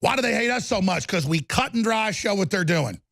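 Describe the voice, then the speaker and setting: A man hosting a live talk show, delivering an angry, heated political rant with repetitive, shouting bursts into a studio mic. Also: high voice, lively intonation, brisk, vocal fry, no room sound.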